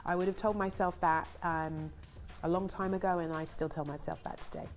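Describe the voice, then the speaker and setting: Chatty woman answering rapid-fire questions. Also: fairly low pitch, steady tone, slight background noise. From Ghana. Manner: chatty and rambling, many ums, laughs easily. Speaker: film writer and director answering questions. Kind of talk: casual interview answers, reading questions aloud.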